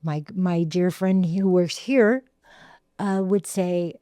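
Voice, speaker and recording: A woman, telling her recovery story in a halting way with repeated words and fillers. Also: on the low side, warm tone, clean tone, no room sound, studio quality. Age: 60s. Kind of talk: heartfelt personal testimony.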